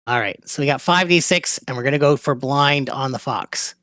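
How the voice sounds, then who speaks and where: A man's voice: medium pitch, normal speed, sharp tone, dry recording, studio quality. A man playing a tabletop game, weighing his options aloud over dice. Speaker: player.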